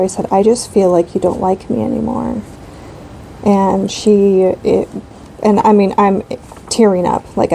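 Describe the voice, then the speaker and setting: A woman's voice: mid-range voice, creaky, warm tone, a little hiss or hum, poor audio. A woman in her thirties chatting casually while she colors, rambling with frequent ums and likes. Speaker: craft channel host.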